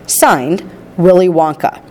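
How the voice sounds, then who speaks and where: A woman voicing a gentle, nervous father in a storybook reading, speaking carefully and evenly. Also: sits high. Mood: solemn. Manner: careful, measured reading aloud.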